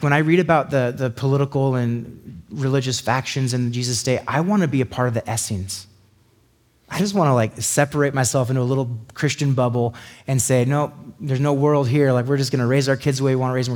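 Chatty man preaching a casual sermon. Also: mid-range voice. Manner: chatty and animated, acts out little voices.

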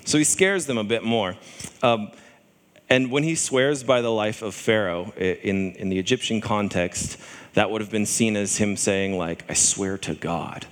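A man's voice: fairly low pitch, moderate pace, long reverb tail. A man preaching a sermon in a conversational way, often acting out the voices of people in scripture.

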